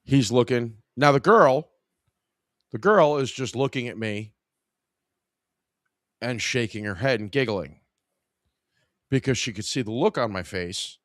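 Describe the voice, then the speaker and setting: A man's voice: medium pitch, a bit bright, no room sound, studio quality. A man in his forties hosting a live podcast, telling a casual work story in an irreverent, wry way. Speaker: podcast host.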